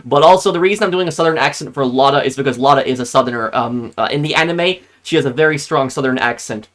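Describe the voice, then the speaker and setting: A man's voice: mid-range voice, fast, a bit bright. A man giving casual commentary while playing a story game, reacting aloud and reading on-screen details. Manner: reacts aloud, reads names and dates. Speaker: let's play gamer.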